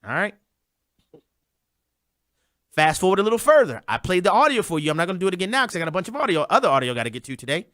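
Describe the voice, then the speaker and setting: Animated sarcastic commentary host. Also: medium pitch, very fast, long pauses, dry recording, studio quality. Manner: sarcastic, mocking, talks straight to listeners. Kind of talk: animated political commentary monologue.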